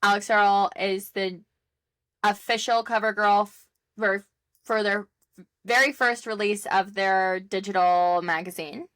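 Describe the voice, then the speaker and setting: A chatty young woman co-hosts a casual podcast over a video call, with lots of fillers and quick laughs. Her pitch sits in the middle range. The sound is dry and close. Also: fairly even intonation, fairly bright tone, clear, resonant tone, no room sound. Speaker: podcast co-host. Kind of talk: casual chat.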